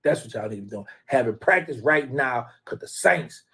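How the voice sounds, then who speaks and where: A man's voice: mid-range voice, expressive, normal speed, husky. A man hosting a casual live stream, rambling and teasing rival fans, calling out viewers by name. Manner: teasing, rambling, trash-talking, shouts out viewers.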